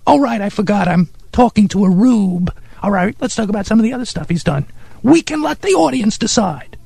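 A man doing a shrill, gravelly, pompous oddball. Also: brisk, dry recording, exaggerated voice. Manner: pompous, excitable, condescending. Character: eccentric high-voiced man named Harry, pompous about bizarre music. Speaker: sketch character. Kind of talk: comedy radio sketch.

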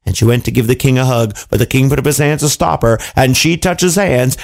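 A man telling a fairy tale to children in an animated, playful way, with asides to his listeners. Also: medium pitch, fast talker, gravelly, few pauses, soft background music. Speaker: storyteller. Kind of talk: children's storytelling.

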